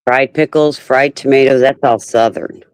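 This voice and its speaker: A woman's voice: rumbling low, fairly even intonation, moderate pace, clean tone, no echo, poor audio. A woman hosting a casual group chat, teasing her guests and laughing often. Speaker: host of an open chat panel.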